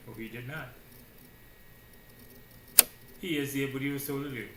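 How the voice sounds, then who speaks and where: A man preaching a sermon in a casual, slangy way, swinging between hushed asides and loud declarations with many rhetorical questions. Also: fairly high pitch, big pitch swings, normal speed, long pauses. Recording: roomy echo.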